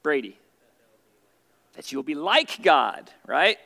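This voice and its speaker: A man's voice: on the high side, sing-song, slow pace, creaky, bright, forceful tone. A man teaching a youth Bible study as its pastor, asking questions and calling on students by name. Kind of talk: interactive Bible study lesson.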